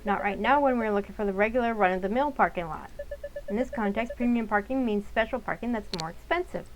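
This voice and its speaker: A woman voicing a sharp-tongued, exasperated teenage girl who lectures her parents. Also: mid-range voice, quick pace, slight background noise, close to an everyday voice, rough recording. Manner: impatient, lecturing.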